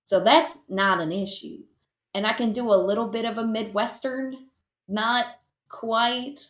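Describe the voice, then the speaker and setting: A woman's voice: on the high side, fairly even intonation, unhurried, echoey room. An American woman, a voice actor, chatting casually as a podcast guest, giggling often and restarting her sentences. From United States. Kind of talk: casual chat.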